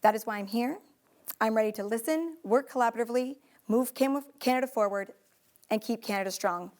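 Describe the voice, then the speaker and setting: A woman candidate in a television studio giving an earnest, slightly halting campaign closing statement. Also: fairly high pitch, darkish tone. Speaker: election candidate.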